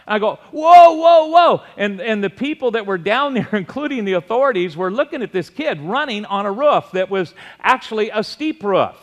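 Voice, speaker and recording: High-voiced pastor preaching. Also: male voice, brisk, hardly any pauses. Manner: storytelling, animated with shouted asides. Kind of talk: sermon.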